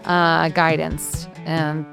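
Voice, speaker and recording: A woman's voice: sits low, little pitch movement, very slow, creaky, over music. A woman hosting a podcast in casual chat. She is playful and laughs often while talking. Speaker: podcast host.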